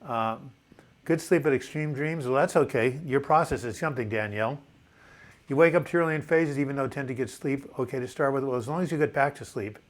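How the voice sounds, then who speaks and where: Talking fairly quickly in a mid-range voice, a man in his seventies runs a casual live video chat. He reads out viewers' comments and responds eagerly and conversationally, often starting words over.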